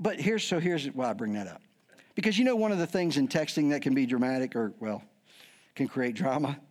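A middle-aged man preaching a sermon as a pastor, joking and acting out voices as he goes. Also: medium pitch. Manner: lively, joking, acts out quoted voices.

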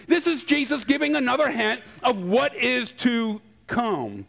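A man preaching a sermon, emphatic, acting out quotes and pausing for effect. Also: extremely high pitch, sing-song, gravelly, fairly bright tone. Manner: emphatic, acts out quotes, dramatic pauses.

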